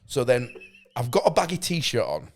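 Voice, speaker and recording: A man's voice: medium pitch, moderate pace. A young man co-hosting a podcast, telling an embarrassing story with laughter in casual chat. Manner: animated anecdote-telling with laughs. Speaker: podcast co-host.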